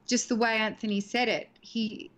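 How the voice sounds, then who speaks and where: A middle-aged woman, a guest actress, telling stories in a chatty, animated way in a casual interview from home. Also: a little high, moderate pace. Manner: chatty, animated storyteller, laughs easily. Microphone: home video call. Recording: dull lo-fi call audio.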